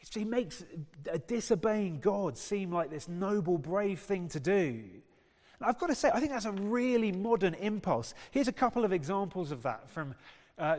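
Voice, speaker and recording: Male preacher, slightly raised pitch, chatty sermon delivery that quizzes the room, long hall reverb. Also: darkish tone. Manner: conversational, quizzes the congregation. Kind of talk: sermon with scripture reading.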